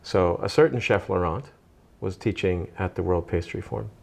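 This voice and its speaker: A man hosting a podcast, chatting casually and telling animated stories with acted-out quotes. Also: low voice, normal speed, creaky. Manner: animated, acts out quoted voices. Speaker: podcast host. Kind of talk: casual storytelling chat.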